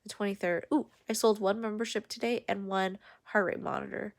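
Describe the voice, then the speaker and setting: A woman's voice: mid-range voice, little pitch movement, a little fast, gravelly. A woman giving a casual personal vlog update, rambling and blunt and swearing freely, filmed on a handheld camera. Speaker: vlogger. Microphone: handheld camera at arm's length.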